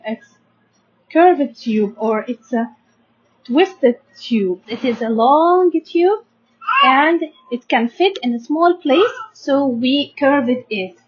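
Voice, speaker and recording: A woman's voice: high voice, expressive, takes it slowly, breathy edge. A young Egyptian woman teaching primary science, patiently sounding out words syllable by syllable and checking in with her students. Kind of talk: slow classroom explanation to children. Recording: dull lo-fi sound.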